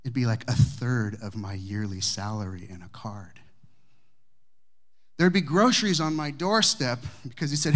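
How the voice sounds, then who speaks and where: Pastor telling a lively sermon story. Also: male voice, mid-range voice, moderate pace. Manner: lively, humorous storytelling to a congregation. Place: church sanctuary with congregation.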